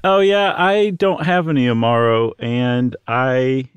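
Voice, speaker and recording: A man's voice: mid-range voice, steady tone, slow, clear, resonant tone, no echo. A man co-hosting a podcast, explaining at length in a friendly, casual way with fillers. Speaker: podcast co-host.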